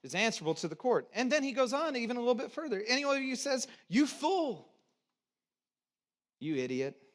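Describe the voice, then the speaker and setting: A man preaching a sermon as pastor, talking conversationally to the congregation and swinging between loud emphasis and quiet, low asides. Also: very animated, quick pace. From United States (Texas, California). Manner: conversational, invites congregation to repeat words.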